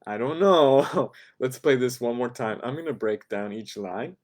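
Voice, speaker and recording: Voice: medium pitch, lively intonation, measured pace, a little mellow. Casual teacher going over a dialogue line by line, lots of ums, laughs a bit. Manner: chatty, laughing asides, many ums. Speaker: Japanese language teacher. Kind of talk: explaining a language lesson.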